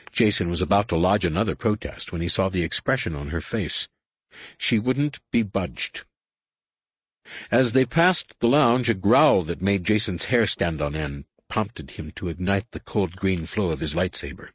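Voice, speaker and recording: A man narrating an audiobook in a steady, measured way. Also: low-pitched, breathy edge, no room sound.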